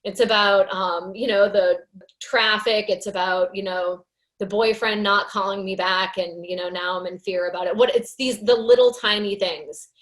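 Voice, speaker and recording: A woman's voice: medium pitch, steady tone, normal speed, a bit bright. Earnest woman leading a casual recovery workshop. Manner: conversational, many fillers, earnest. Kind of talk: casual teaching talk with book reading.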